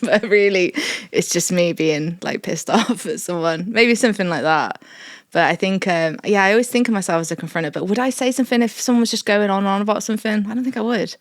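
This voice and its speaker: A woman's voice: mid-range voice, quick pace, dry recording, studio quality. A woman comedian talking as a podcast guest, chatty and rambling with lots of fillers and restarts. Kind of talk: casual chat.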